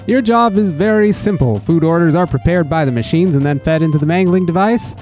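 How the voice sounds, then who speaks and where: A man reading a deadpan callous restaurant boss. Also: on the high side, fairly quick, faint music behind, lightly acted. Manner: flat, matter-of-fact.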